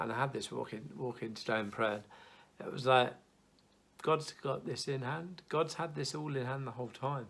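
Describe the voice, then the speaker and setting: Young man, church youth leader, casual video devotional, gravelly tone, earnest and reassuring. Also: medium pitch, normal speed, fairly bright tone.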